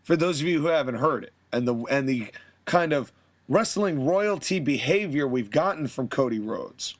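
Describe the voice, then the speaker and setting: Brief: male podcast host, high voice, animated storyteller. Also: normal speed. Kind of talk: fantasy booking narration and chat.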